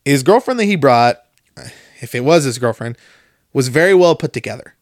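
A man's voice: medium pitch, normal speed, no room sound, clean studio sound. A young man chatting casually as a podcast co-host, telling stories with lots of swearing and animation. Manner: profane, animated storyteller. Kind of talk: casual chat.

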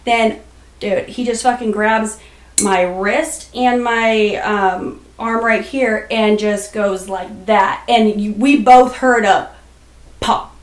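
A woman's voice: medium pitch, fairly even intonation. A woman, a podcast guest, telling a personal story in a blunt, casual way, swearing freely and filling her talk with "like" and "um". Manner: blunt, swears freely, rapid with many fillers. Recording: roomy echoey room.

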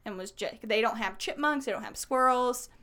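A woman chatting casually on a podcast, telling an animated story and acting out what other people said. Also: fairly high pitch, moderate pace. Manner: animated storyteller, acts out quotes. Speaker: podcast co-host. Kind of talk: casual chat.

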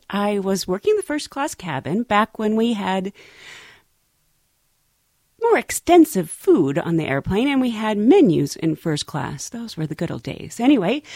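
A female flight attendant tells her stories in a lively, amused way. Her fairly high voice swoops up and down a great deal. The sound is dry and close. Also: dry recording. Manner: lively, amused, animated storyteller. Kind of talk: casual anecdote telling.

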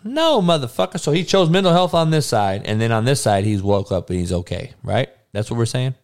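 A man's voice: mid-range voice, big pitch swings, fairly quick. A man hosting a podcast, delivering a crude, mocking, heated rant full of swearing. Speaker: podcast host. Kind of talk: crude ranting commentary.

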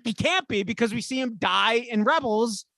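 A man co-hosting a casual podcast, ranting with lots of swearing and getting loud and heated. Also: very high-pitched, moderate pace, creaky, no room sound, clean studio sound. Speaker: podcast co-host.

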